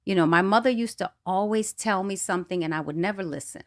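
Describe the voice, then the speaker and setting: A woman co-hosting a podcast, talking in a relaxed, reflective and colloquial way about family. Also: medium pitch, quick pace. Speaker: podcast co-host. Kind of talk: casual conversation.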